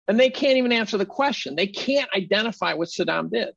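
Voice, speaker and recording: Brief: gravelly man guest, argues hard, dull lo-fi sound. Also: very high voice, fast, hardly any pauses, a bit bright, no echo. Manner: emphatic, argumentative. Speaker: podcast guest. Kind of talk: casual conversation.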